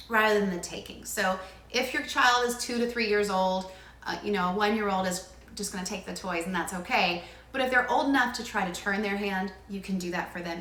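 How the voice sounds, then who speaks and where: A female speech-language pathologist demonstrates play strategies, showing parents how to use puzzles in play and breaking into animated, sing-song animal sounds as she models them. Her voice is mid-range, and the room is echoey.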